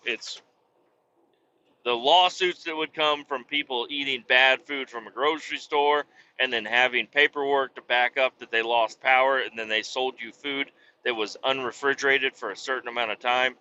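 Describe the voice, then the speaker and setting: This podcast host, a man with young children, rambles casually, swears freely, and keeps restarting his sentences, all while hiccuping. His mid-range voice holds a steady tone at normal speed with a sharp edge. The audio is dull, with slight background noise.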